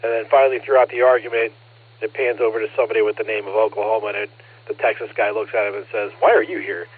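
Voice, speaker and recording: A man's voice: lowish voice, little pitch movement, very fast. A man checking into a ham radio net, telling a rambling story in a casual way. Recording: narrow ham radio transmission.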